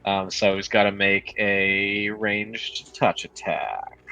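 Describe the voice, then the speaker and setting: A man's voice: lowish voice, level tone, takes it slowly, bright, forceful tone, faint music behind, poor audio. A man playing a tabletop game, making wry remarks and describing his character's actions. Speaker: player. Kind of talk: casual tabletop play.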